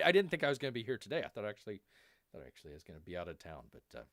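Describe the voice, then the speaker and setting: A man's voice: mid-range voice, huge pitch swings, very fast, a bit bright, dry recording, studio quality. A man rambling casually on a live stream, repeating phrases and joking as he signs off. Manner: rambling, repeats phrases, playful growls and jokes. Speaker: streamer signing off a live show.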